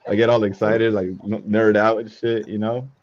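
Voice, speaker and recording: Lower-voiced excitable man on a lo-fi call. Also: normal speed, over a noisy crowd. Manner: excitable, laid-back slang. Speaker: livestream guest. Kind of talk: casual chat on a video call.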